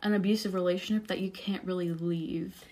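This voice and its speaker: A woman's voice: fairly low pitch, fairly even intonation, brisk, background noise. Hesitant young woman, casual podcast chat. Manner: hesitant, full of likes and ums, trails off. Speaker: podcast co-host.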